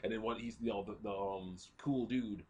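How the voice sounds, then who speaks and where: A man casually retelling a movie plot, rambling with lots of fillers and frequent throat clearing. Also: lowish voice, fairly even intonation, normal speed, a little mellow, slight background noise. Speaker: ministry video host.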